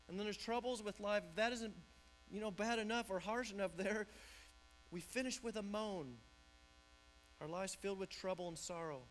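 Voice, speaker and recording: A man's voice: high-pitched, fairly bright tone, rough recording. A man pastor preaching a conversational sermon in a church, often restarting and repeating words.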